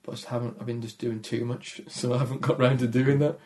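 Rich: A young man speaking with a Black Country accent from Dudley, his voice deep and gravelly at a middling pitch. He chats as an interview guest, shy and low-key, sounding a little downtrodden. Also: level tone, fast, a little mellow. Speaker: comedian guest. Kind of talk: casual interview chat.

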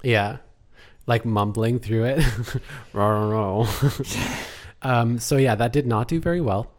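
A man's voice: mid-range voice, slow pace. A man co-hosting a casual chat about a film, talkative, laughing often and trailing off mid-sentence. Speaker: podcast co-host.

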